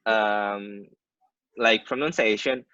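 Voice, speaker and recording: A man with an Indonesian accent teaches maritime English in an online class, speaking slowly in a low, fairly even, pushed and bright voice. He glosses terms in Indonesian and often restarts his sentences. The dry recording comes through a video call and sounds muffled.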